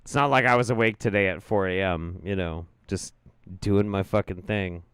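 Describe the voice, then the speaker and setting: A man's voice: sits low, fairly even intonation, moderate pace, a bit bright, clean tone, no room sound, studio quality. A man hosting a show, giving amused, profane casual commentary on a clip he is watching. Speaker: host reacting to a clip.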